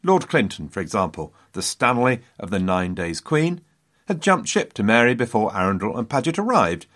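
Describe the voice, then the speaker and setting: A man narrating history with a low voice that swoops lively up and down. He tells the story dramatically. He breaks off for wry asides to his audience. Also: moderate pace. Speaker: history podcast host.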